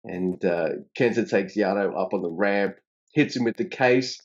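A man chatting casually on a podcast, animated and profane, his voice leaping upward whenever he gets emphatic. The recording is dull and lo-fi. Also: moderate pace. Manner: animated, swearing, pitch jumps up when emphatic. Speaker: podcast co-host reviewing wrestling.

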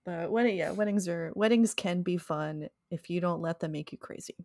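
A young woman with a slightly low voice, chatting casually as a podcast co-host. She tells stories in a loose, chatty way and often breaks into laughter. The recording is close and dry. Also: normal speed, darkish tone, no room sound. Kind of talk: casual chat.

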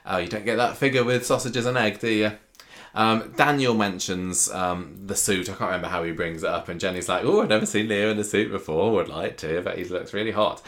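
A man's voice: on the low side, steady tone, a little fast, fairly bright tone. A man, casually recapping a soap episode and paraphrasing what the characters say. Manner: chatty retelling, quoting characters in paraphrase. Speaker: podcast co-host recapping a soap. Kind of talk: casual chat.

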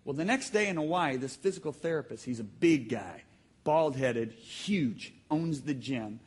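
Animated, husky-voiced man preaching a sermon. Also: medium pitch. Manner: animated storytelling, sudden shouts and emphatic drawn-out phrases. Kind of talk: sermon with audience call-and-response. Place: church hall with live congregation.

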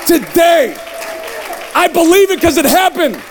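A man in his thirties giving an emphatic, humorous testimony sermon, shouting at the high points. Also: expressive, normal speed, some chatter behind, slight background noise. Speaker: evangelist. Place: revival tent.

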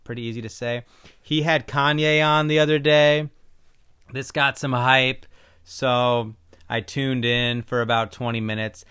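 A man's voice: mid-range voice, a bit bright, smooth. A man hosting his own podcast in a casual, opinionated solo talk, rambling with frequent ums. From Iowa. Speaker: podcast host.

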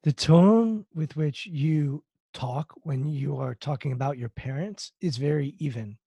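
A man's voice: on the high side, a little slow, vocal fry, warm tone, slightly rough, dry recording. A man hosting an interview, thoughtful and searching for words as he asks questions, who works with athletes. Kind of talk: interview conversation.

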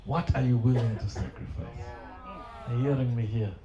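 In an echoey church hall with dull sound, crowd noise and an audible congregation, a middle-aged male pastor preaches passionately, adding humorous asides. His voice is mid-range and his pace moderate.

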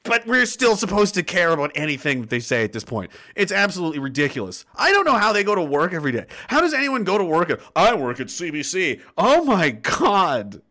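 A man's voice: high voice, quick pace, few pauses. A man from Nova Scotia hosting a livestream, ranting sarcastically and reading viewer comments aloud. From Nova Scotia, Canada. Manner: sarcastic, animated, swears, laughs often. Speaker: livestream host reading chat.

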